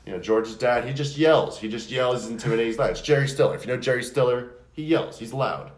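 Man, young adult, casual chat, rambling, animated, echoey room. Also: medium pitch, fast talker. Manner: rambling, animated, laughs often.

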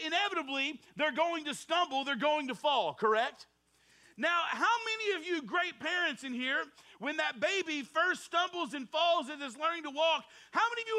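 A middle-aged male pastor preaching a sermon in a church sanctuary, moving from a soft spoken prayer to loud, animated exhortation. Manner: fervent preaching that builds from a quiet prayer to a loud high exhortation.

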